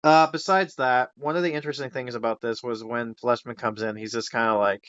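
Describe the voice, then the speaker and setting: A young man with a bright, forceful voice hosts a casual podcast, rambling and laughing as he recaps a story. The sound is dry and close, with a slightly dull, muffled tone. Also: mid-range voice, steady tone, a little fast, no room sound. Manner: rambling, laughs often, acts out character voices. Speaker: podcast host.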